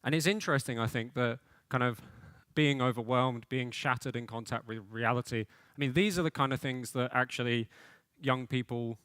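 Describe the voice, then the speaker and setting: A man's voice: medium pitch, normal speed, fairly bright tone, smooth, no room sound. A man giving a keynote lecture at a conference, speaking thoughtfully and often hedging with small fillers as he works through his points.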